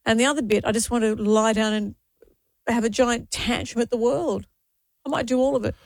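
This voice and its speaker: A woman talks candidly on a radio show, tearful and rambling. Her voice sits fairly high. The studio sound is close and dry. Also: steady tone, fairly quick, gravelly, darkish tone, no echo. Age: 60s. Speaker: radio co-host. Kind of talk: casual radio chat.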